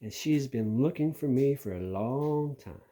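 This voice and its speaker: A man voicing an excitable, imaginative little girl, reading a children's storybook aloud in a high, bright telling. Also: a little slow. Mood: dramatic.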